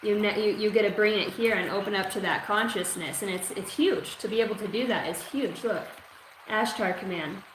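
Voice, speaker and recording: A woman's voice: mid-range voice, fairly quick. Woman psychic reader, casual and foul-mouthed, rambling livestream delivery, roomy echo. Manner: casual, profane, rambling with many fillers. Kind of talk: livestream channeled oracle reading. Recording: echoey room with faint ambient noise.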